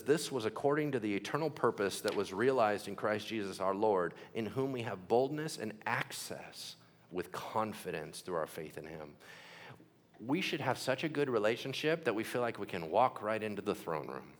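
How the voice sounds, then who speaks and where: Animated man preaching a sermon. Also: fairly low pitch, normal speed. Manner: animated, swings from loud to hushed, acts out prayers. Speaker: pastor.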